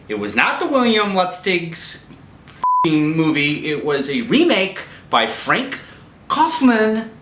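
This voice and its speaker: A man hosting a casual movie review at a friend's house, rambling and swearing constantly. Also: a little high. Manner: profane, rambling, animated. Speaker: movie reviewer, show host. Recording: roomy home recording with noise.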